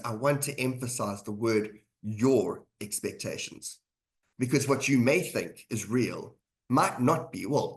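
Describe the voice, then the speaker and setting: Man giving a conversational leadership webinar. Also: mid-range voice. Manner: conversational, repeats key phrases for emphasis. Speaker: webinar presenter. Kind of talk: online leadership lecture. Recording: webinar audio.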